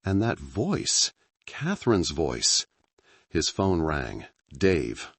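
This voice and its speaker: A man's voice: low-pitched, huge pitch swings, takes it slowly, husky, no room sound. A man reading a thriller story aloud as narrator, in a dramatic, tense storytelling manner. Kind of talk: scripted narration.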